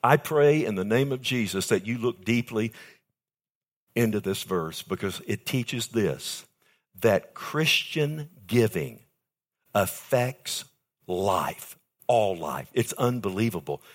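Animated older male preacher. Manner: emphatic preaching with sudden high pitch jumps and slowed key phrases; calls out to congregation with "amen" and "loved one". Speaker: pastor. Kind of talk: sermon.

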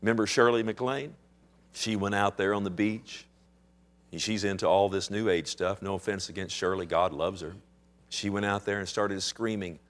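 A man's voice: on the low side, steady tone, normal speed. A man in his thirties preaching a sermon, conversational and building to emphatic points. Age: 30s. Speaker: pastor.

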